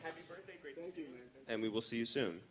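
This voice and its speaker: Male host, mid-pitched voice, upbeat crowd-facing delivery. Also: lively intonation, fast talker. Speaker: podcast host. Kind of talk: live show hosting. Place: live podcast stage.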